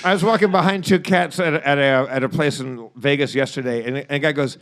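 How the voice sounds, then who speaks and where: A man's voice: a little high, fast talker, a bit bright. A man co-hosting a podcast, telling a rambling comic story full of restarts and swearing. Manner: rambling, profane, stammering restarts. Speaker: podcast co-host. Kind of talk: casual comedic storytelling.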